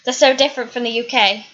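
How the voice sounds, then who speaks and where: Giggly high bright woman. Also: fairly even intonation, normal speed. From northeast Wales. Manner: giggly, chatty storyteller. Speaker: YouTuber. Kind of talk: casual Q&A chat. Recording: dull lo-fi recording.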